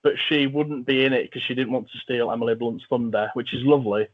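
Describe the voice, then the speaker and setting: Male podcast host, jokey and eager, mid pitch, narrow phone-like audio. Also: steady tone, fast. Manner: enthusiastic, jokey. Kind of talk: casual film chat.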